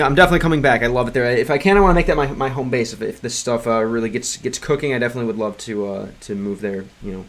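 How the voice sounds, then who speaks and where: A man talks to his chat at a middling pitch in a loose, rambling stream-of-thought way. He restarts sentences often and leans on fillers. Every so often he sounds out words in slow, halting learner's Russian before going back to casual chat. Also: fairly bright tone. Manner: clumsy Russian read aloud in a learner's voice. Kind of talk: casual livestream chat reading comments.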